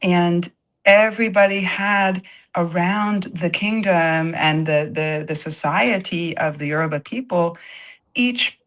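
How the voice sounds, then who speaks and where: A woman's voice: on the low side, slow, fairly bright tone, rough recording. A woman co-hosting a casual livestream chat, explaining in an enthusiastic way. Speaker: co-host.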